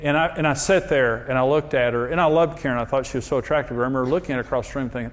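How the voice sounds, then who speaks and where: A man's voice: mid-range voice, very fast, few pauses, a little hiss or hum. A man preaching in a humorous, self-deprecating storytelling way, using jokes and anecdotes. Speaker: pastor.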